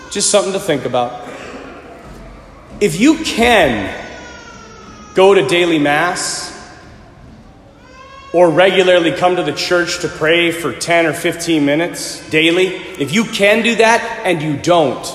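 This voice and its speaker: A man in his thirties delivers a sermon, his fairly high voice leaping between shouts and near-whispers. He sounds lively and animated throughout. The recording carries the long, roomy reverb of a large church. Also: measured pace, pauses often, slight background noise. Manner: animated, swings from shouting to hushed. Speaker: preacher. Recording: echoey church, long reverb, faint ambience.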